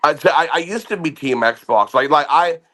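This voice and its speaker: A man in his thirties with a somewhat high voice and a sharp tone tells a profane story at normal speed. He's boastful and laughing, swears a lot, and stammers as he trips over restarts.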